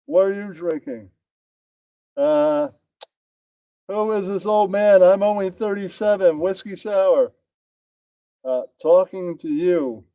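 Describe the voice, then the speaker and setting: A man voicing a brash, blustering male bartender and bar owner who shouts at his customers. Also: high-pitched, expressive, slow, vocal fry, pauses often, dry recording, highs cut off, pitched above the performer's own voice, full character voice.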